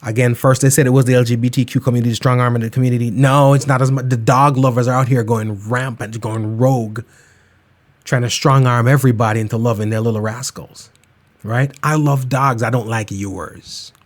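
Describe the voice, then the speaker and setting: A man's voice: mid-range voice, fairly quick. A man hosting a podcast, ranting in a casual, emphatic and comedic way. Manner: animated, emphatic, keeps it real. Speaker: podcast host. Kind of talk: comedic rant, casual talk.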